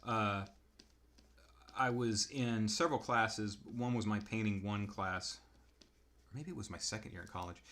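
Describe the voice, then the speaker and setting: A man with a lowish voice talks through his drawing process, unhurried and musing. He thinks aloud between pauses in a casual, easygoing way, like an artist explaining his design choices. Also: a bit bright. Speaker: artist demonstrating character design.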